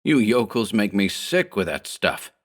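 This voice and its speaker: A man's voice: lowish voice, very animated, unhurried. A cocky gang boss as a man plays him snarls in old-time gangster slang. He sounds harsh and scornful throughout. It is a character voice in a horror audiobook. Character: short sallow male 1930s gang boss, scornful, cocky.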